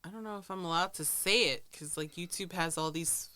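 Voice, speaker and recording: Bright-voiced woman with dry wit. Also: lowish voice, brisk, dry recording. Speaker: podcast co-host. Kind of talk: casual chat.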